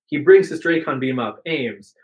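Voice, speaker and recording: A host reading an adventure book aloud with dramatic narration and mouth sound effects. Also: male voice, on the high side, lively intonation, moderate pace, a little mellow, rough recording.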